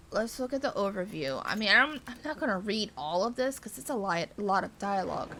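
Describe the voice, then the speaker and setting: A woman's voice: mid-range voice, very animated, brisk, hardly any pauses, sharp tone, a little hiss or hum. A woman hosting a casual let's-play, chatting and reading game text aloud with giggles. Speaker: gaming video host.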